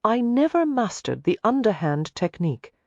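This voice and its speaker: A determined young woman doctor, voiced by a woman narrator, crisp and no-nonsense. Her speech is pragmatic and guarded, with a lively rise and fall. The sound is dry and slightly dull. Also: medium pitch, normal speed, no echo, pitched above the performer's own voice.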